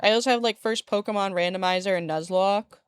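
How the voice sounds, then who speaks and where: A woman streams live from a room at home by a window, chatting with viewers in a loose, rambling way, laughing often and swearing a little. Her medium-pitched voice moves fairly quickly and sounds smooth, picked up dry on a desk streaming mic.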